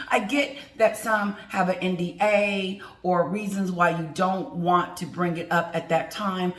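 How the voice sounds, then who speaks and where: A middle-aged woman ranting with sass and emphasis in an opinion vlog, speaking straight to her viewers. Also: mid-range voice. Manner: sassy, emphatic, talks straight to viewers and greets them. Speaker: commentary vlogger. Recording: echoey room.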